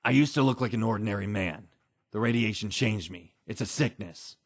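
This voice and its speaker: A man's voice: on the low side, fairly quick, dry recording, lightly acted. A man voicing a blunt, weary male ghoul survivor in a video game. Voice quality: gravelly, raspy. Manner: blunt and plain-spoken.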